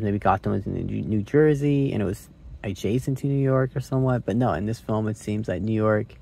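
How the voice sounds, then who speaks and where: A young man records a loose, rambling movie review on his phone, thinking aloud and cursing casually. His voice is low and dark, with a husky, gravelly edge. He fills his talk with "like" and "right". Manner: rambling, curse-laden, thinks aloud with many likes and rights.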